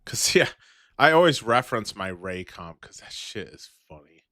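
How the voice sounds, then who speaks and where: A man hosting a livestream, his talk loose, profane and rambling, with laughs scattered between remarks. His pitch swings widely up and down as he goes. The sound is dry and close, with almost no room around it. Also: sing-song, normal speed, bright, forceful tone, no echo. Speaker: livestream host. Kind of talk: casual livestream chat.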